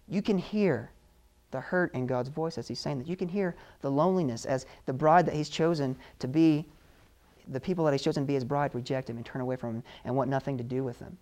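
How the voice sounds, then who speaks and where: A male preacher delivers an emotional sermon with real earnestness. His voice sits a bit above the usual male range. He leans into slow, deliberate pauses when he wants a point to land. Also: fairly high pitch, darkish tone.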